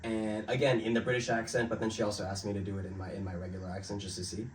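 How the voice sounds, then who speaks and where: A young adult man with an American accent, a guest actor in a casual podcast chat, telling stories with lively acted-out quotes and frequent laughter. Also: lowish voice, rapid-fire, reverberant, far from the mic, a little hiss or hum. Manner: animated storyteller who acts out quoted lines and laughs often.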